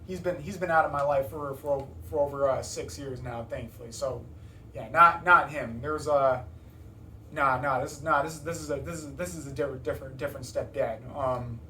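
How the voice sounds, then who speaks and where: A man's voice: medium pitch, brisk, pushed and bright, slight background noise. A young man in an interview, talking casually and rambling with many fillers and restarts. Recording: roomy, distant mic.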